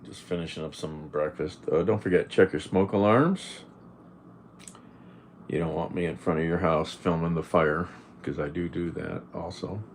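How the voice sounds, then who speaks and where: A man's voice: deep voice, fairly even intonation, moderate pace, slight background noise. A man livestreaming from home, rambling casually and talking back bluntly to viewer comments. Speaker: livestreamer reading chat. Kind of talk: casual live-stream chat.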